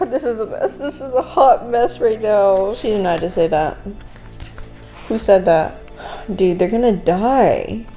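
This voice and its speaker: Slow, emotional woman in a roomy space. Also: mid-range voice, warm tone, faint music behind. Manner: emotional, exclaiming, laughs often; casual slang. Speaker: book vlogger. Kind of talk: reading reaction vlog. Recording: roomy echo.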